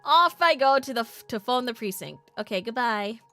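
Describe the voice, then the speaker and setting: A woman's voice: fairly high pitch, expressive, normal speed, pushed and bright, soft background music. A woman streaming a video game, chatting playfully and reading dialogue aloud.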